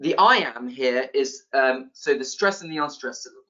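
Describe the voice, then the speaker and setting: A man teaching a casual literature lesson, relaxed, with many fillers and restarts. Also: mid-range voice, moderate pace. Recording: slightly dull lo-fi sound.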